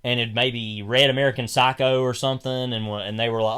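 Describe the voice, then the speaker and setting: A man's voice: mid-range voice, steady tone, fairly quick, sharp tone, clear, resonant tone. A young man co-hosting a podcast, talking through a film in a casual, rambling way with many fillers and restarts. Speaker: podcast co-host.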